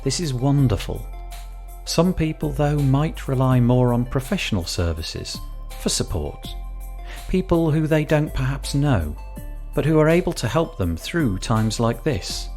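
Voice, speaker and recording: A man hosting a podcast, reading scripted links between interview clips in a measured, gently sympathetic way. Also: medium pitch, animated, faint music behind. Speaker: podcast host.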